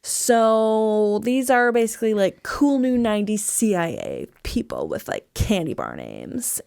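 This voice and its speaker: A woman recapping a movie on a podcast in a rambling, casual way, full of fillers and quick acted-out quotes. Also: mid-range voice, big pitch swings, gravelly, a little mellow, smooth, no echo, studio quality.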